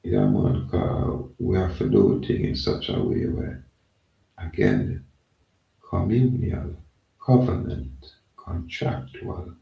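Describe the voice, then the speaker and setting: A man's voice: huge pitch swings, highs cut off. A man with a Jamaican accent talking in a loose, rambling monologue, often saying "yeah, man". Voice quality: gravelly, low and slow. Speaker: channel host. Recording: echoey room, mic at a distance.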